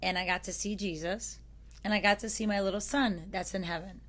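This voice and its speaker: A woman's voice: medium pitch, steady tone, a little fast, a bit bright. A woman guest on a podcast telling her personal faith story in an earnest, rambling conversational way, full of fillers and restarts.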